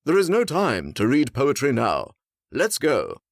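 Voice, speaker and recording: A woman's voice: very deep voice, wildly swooping pitch, measured pace, dry recording, clean studio sound, full character voice. A woman doing a prim poetic goose. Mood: fussy. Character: poetry-reading male goose, genteel.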